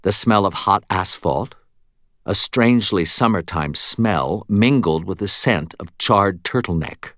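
A man reading an audiobook in first person with expressive, wry storytelling. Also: sits low, measured pace, no echo, studio quality. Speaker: audiobook narrator.

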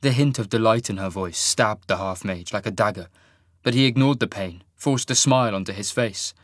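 A man reading fantasy fiction aloud in a measured, even manner. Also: on the low side, no echo, clean studio sound. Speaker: audiobook narrator. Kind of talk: scripted fantasy narration.

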